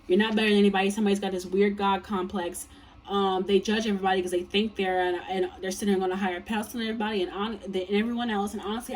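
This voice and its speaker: A woman's voice: mid-range voice, a little mellow, distant mic, slight background noise. A tired woman giving a casual tarot reading, blunt and profane, rambling with lots of fillers. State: tired, yawning. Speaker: tarot reader.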